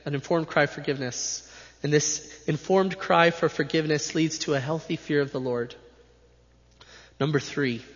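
A man's voice: on the high side, gravelly. A male pastor delivering a sermon with an emphatic, repetitive preaching cadence. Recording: dull sound with long hall reverb.

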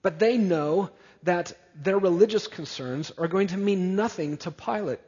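A man's voice: a little high, darkish tone, husky. A man preaching an expository sermon, emphatic, and building his points through repetition. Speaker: pastor. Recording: dull, echoey church hall.

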